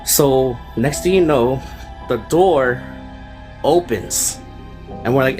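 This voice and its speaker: A man's voice: medium pitch, a little slow, long pauses, darkish tone, soft background music. A man telling a true ghost story in a casual, rambling way, full of fillers and slang. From Fresno, California. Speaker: storyteller guest.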